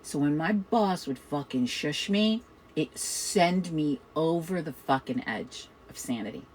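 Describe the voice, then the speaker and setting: A middle-aged woman from Chicago with a New York accent, hosting a casual chat in a loud, fast, profane way. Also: low voice, animated, a little hiss or hum, poor audio. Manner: loud, fast, swears a lot. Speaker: host of a witchcraft chat.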